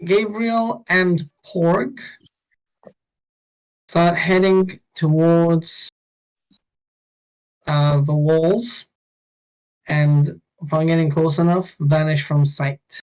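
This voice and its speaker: A man narrating as dungeon master in a tabletop game, pausing often with ums and uhs. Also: a little high, flat delivery, a little mellow, clean tone, low-quality recording. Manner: unhurried, halting, with many ums.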